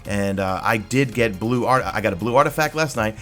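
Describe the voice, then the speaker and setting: A man giving a casual gameplay guide as a gaming YouTuber, rambling and excited with quick asides. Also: lowish voice, faint music behind.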